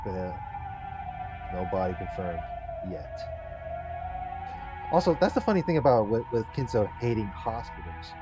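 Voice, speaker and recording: Lo-fi, profane let's-play streamer. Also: male voice, lowish voice, sing-song, moderate pace, long pauses. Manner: rambling, profane, laughing reactions. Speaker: streamer playing a visual novel. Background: game music.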